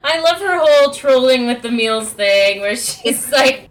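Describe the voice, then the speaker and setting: A woman's voice: on the high side, lively intonation, a little slow, faint music behind. A woman co-hosting a film podcast, chatting casually, laughing often and quoting scenes. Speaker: podcast co-host. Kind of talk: casual chat about a film.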